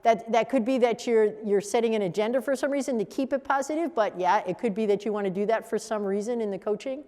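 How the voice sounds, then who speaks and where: Lively woman leading a coaching workshop. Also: fairly high pitch, quick pace, in a large hall. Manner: lively, laughs, repeats audience answers. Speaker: coach trainer. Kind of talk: workshop teaching.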